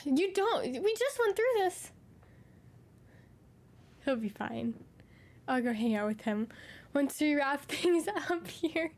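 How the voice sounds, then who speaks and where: High-voiced woman gushing over her cat. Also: expressive, slow pace, pauses often, darkish tone. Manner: gushing, doting, baby-talks to her cat. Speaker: streamer. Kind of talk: casual chat with viewers. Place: her room at home.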